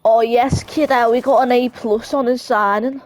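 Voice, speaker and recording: A woman's voice: a little high, fairly even intonation, moderate pace, natural voice. A woman voicing a chummy, blunt football club man with a put-on Scouse accent. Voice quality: exaggerated put-on voice.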